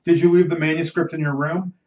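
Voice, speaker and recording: Guy doing a skeptical college buddy, calm and level, a bit dull and muffled. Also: fairly high pitch, quick pace, close to an everyday voice. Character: young male college friend, skeptical, calm. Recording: roomy, slightly muffled recording.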